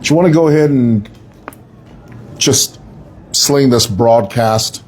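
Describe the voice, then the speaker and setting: A man's voice: mid-range voice, slow, darkish tone, slight background noise. A man hosting a live online show, talking in a chatty, playful, rambling way. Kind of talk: live-stream commentary. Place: city workplace.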